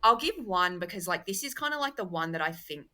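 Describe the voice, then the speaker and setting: A woman's voice: lowish voice, animated, a little fast, bright, forceful tone. A woman with an Australian accent, a comedian chatting casually as a guest and peppering her speech with "like", recorded outdoors on a lawn. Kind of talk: casual chat.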